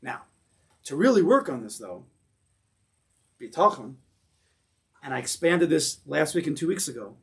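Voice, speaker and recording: A man with an American accent teaching a Torah class to a congregation in a synagogue, speaking in an animated way and asking his listeners rhetorical questions. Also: fairly high pitch, a little slow, creaky, pauses often.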